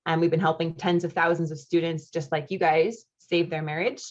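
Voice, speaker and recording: A woman's voice: deep voice, level tone, dull audio. Upbeat woman coach hosting a webinar. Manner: chatty and upbeat, with quick laughs and friendly asides. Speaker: marriage coach hosting a live online masterclass. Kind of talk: live webinar, reading chat comments aloud.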